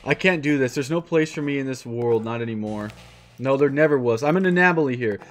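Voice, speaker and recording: A man reading aloud as a despairing young man, a former high school student trapped in a war, in a pleading, self-pitying way. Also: a little fast, lightly acted. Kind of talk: reading a visual novel aloud.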